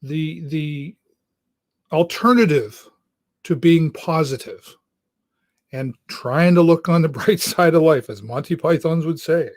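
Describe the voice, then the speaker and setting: A man hosting his own show delivers an earnest, halting monologue straight to viewers and keeps restarting mid-sentence. His voice sits a little high for a man. The sound is dry and close, with almost no room in it. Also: no echo. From Canada. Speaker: talk show host. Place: church.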